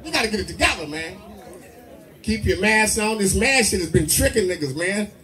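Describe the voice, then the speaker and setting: A man doing a crude, rowdy stand-up set full of loud character bits. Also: high voice, expressive, normal speed. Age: 40s. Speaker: stand-up comedian. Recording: live club mic, distant with crowd noise.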